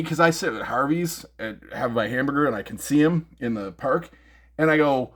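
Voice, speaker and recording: A man's voice: mid-range voice, moderate pace, a bit bright. A middle-aged man hosting a music gear news show from his home music room, chatting casually in a rambling, jokey way with lots of fillers and restarts. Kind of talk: casual chat.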